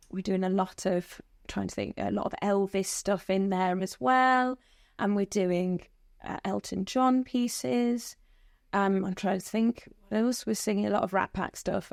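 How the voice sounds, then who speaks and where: A woman's voice: mid-range voice, no echo. Chatty British woman, dry studio. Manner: chatty, laughs often, rambling. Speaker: guest singer. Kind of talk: casual interview chat.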